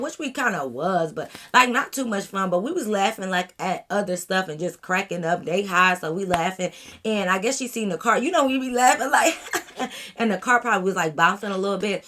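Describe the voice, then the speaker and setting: A young woman vlogger telling a story casually, in an animated way, acting out her friends. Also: mid-range voice, a little fast. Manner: animated, acts out friends' voices.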